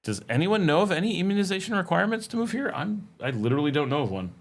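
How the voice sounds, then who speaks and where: A man's voice: high voice, big pitch swings, racing. Rambling middle-aged man hosting a live Q&A. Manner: rambling, frequent ums, reads viewer questions aloud. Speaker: livestream host answering chat questions. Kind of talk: casual live Q&A chat.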